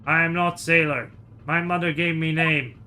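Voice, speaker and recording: A gruff, burly ship's guard barks out clipped broken English, as a man puts him on. The voice sits fairly high for a man. A steady hiss runs under the recording. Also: moderate pace, lightly acted. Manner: blunt, rude, clipped broken-English phrasing.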